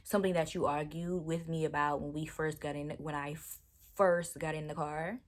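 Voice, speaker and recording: A young woman vlogger, telling an animated, exasperated storytime in casual chat. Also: low-pitched, normal speed.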